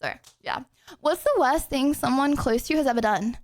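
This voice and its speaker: A woman's voice: sits high, moderate pace, a little mellow. A young woman streamer, chatting casually and rambling through her chat's questions with lots of giggles and filler words. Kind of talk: casual chat answering chat questions.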